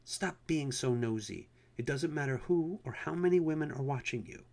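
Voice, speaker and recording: A man's voice: mid-range voice, normal speed, creaky, darkish tone, pitched above the performer's own voice, natural voice. A man voicing a commanding female police officer who taunts and gives orders. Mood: stern. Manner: taunting, domineering.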